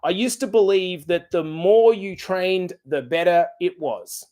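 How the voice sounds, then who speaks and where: A middle-aged man hosting a fitness podcast, coaching listeners in an energetic, direct and casual way. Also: high-pitched, a little slow. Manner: energetic, direct, casual and blunt with occasional swearing. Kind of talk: podcast monologue.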